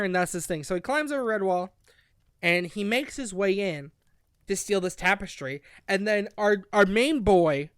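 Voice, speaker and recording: A man's voice: sits high, fairly bright tone, clear, resonant tone, dry recording, clean studio sound. A man co-hosting a casual online talk show, recapping a childhood book in a rambling, profane way and slipping into goofy character voices. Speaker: podcast co-host.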